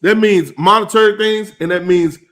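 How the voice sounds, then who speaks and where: A man preaching a teaching sermon, conversational and emphatic, rising to loud stresses. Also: sits high, moderate pace.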